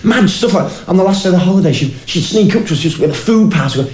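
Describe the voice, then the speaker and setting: A man's voice: high voice, expressive, fast talker, darkish tone, echoey room, a little hiss or hum. A man telling stand-up anecdotes in a rambling, stammering way. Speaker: stand-up comedian. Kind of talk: stand-up storytelling.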